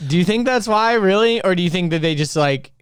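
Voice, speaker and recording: A man co-hosting a podcast in casual chat, joking around with his co-host and quick to laugh. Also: high voice, animated, smooth, no echo, studio quality.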